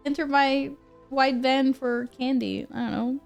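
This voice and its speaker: High-voiced woman streaming a game. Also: fairly even intonation, vocal fry, faint music behind. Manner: joking, rambling, quick self-corrections. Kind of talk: casual live-stream chat while gaming.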